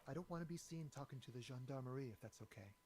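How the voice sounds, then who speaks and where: An actor playing a nervous young man on a balcony, speaking in a quiet, lowered voice. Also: very fast, crowd noise, natural voice. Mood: guarded. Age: young adult.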